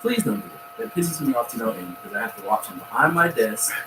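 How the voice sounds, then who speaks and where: A man's voice: medium pitch, sing-song, quick pace. A man co-hosting a casual podcast chat, venting bluntly with exasperation. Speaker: podcast co-host. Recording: echoey room, far from mic, noisy.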